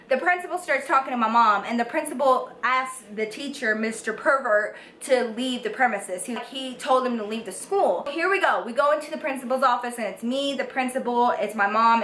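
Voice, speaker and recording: A woman's voice: on the high side, pushed and bright. Chatty young woman vlogger, echoey room. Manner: swears freely, heavy "like" and "you guys", talks straight to viewers. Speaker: beauty vlogger. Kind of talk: storytime monologue to camera. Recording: echoey room with faint background hiss.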